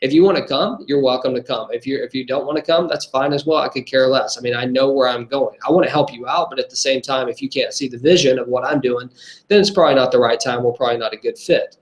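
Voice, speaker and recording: A man's voice: mid-range voice, steady tone, fast. A man giving an emphatic, repetitive motivational lesson as a network marketing coach. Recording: roomy echo.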